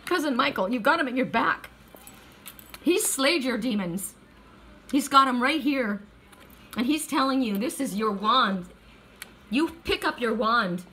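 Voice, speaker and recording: High, bright-voiced excitable woman reader. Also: a little hiss or hum. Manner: emotional, excitable, swears freely. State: tearful. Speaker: tarot and oracle card reader. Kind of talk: casual spiritual card reading.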